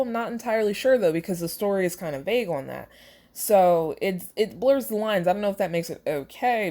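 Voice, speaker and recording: A woman hosting a podcast, chatting casually and critically about her own fanfiction. Her voice is low, and she rambles with fillers and little laughs. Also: darkish tone. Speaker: podcast host.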